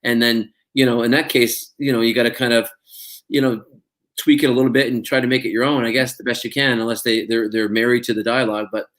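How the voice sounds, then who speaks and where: A man's voice: mid-range voice, little pitch movement, fast talker, fairly bright tone. Rambling, laughing male actor guest. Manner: rambling, many fillers and restarts, laughs often. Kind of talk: casual interview chat.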